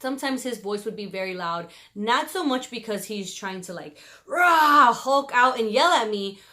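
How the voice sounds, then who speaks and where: A woman giving marriage advice in a casual vlog, talking loudly and passionately and laughing often. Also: mid-range voice, lively intonation, moderate pace.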